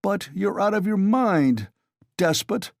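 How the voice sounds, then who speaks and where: A tipsy young friend, blustering and loud, with a dark, warm timbre, as a male reader puts him on. Pitch swings wide, and the sound is close and dry. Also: animated, measured pace, vocal fry, no echo, heavily acted.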